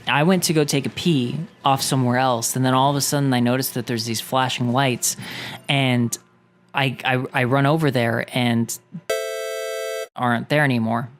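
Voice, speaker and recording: A man's voice: mid-range voice, fairly even intonation, moderate pace, faint music behind. Rambling man telling a long story. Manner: rambling storyteller, self-interrupting, apologizes for going long. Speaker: host. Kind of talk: casual chat while playing a game.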